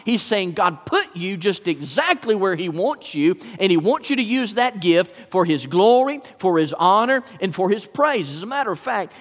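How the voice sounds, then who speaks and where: A man's voice: high-pitched, fairly bright tone. A man preaching a sermon as pastor, emphatic, repeating lines and calling out to the congregation. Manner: emphatic preaching with repetitions and call-outs. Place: church sanctuary. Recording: long hall reverb.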